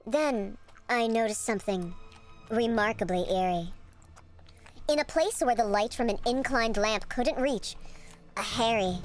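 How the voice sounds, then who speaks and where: A woman's voice: a little high, a little slow, pauses often, faint music behind. A woman streamer reading a horror game's story aloud, breaking off into joking, laughing asides. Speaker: gaming streamer. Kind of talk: reading a game aloud with reactions.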